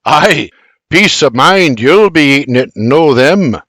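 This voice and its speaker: A man's voice: on the high side, animated, slow pace, fairly bright tone, dry recording, studio quality, heavily acted. A man voicing a boyish, whiny old colonial husband. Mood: gruff.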